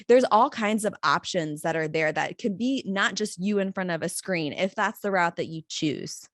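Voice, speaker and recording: Animated, emphatic woman, dry sound. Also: lowish voice, moderate pace, hardly any pauses, dry recording. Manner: animated, emphatic, laughs often. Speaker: podcast guest, mortgage professional. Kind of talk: casual podcast chat.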